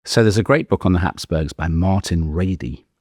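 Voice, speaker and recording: Deep-voiced man telling history. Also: moderate pace, no room sound, studio quality. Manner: lively, animated storytelling. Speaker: podcast co-host. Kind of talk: conversational history storytelling.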